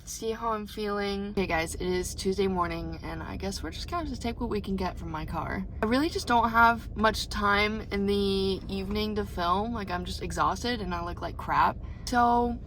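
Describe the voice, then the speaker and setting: A woman's voice: medium pitch, normal speed, fairly bright tone, a little hiss or hum. A young woman chatting casually about books for her reading vlog, rambling and emotional, recorded in her car. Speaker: book vlogger.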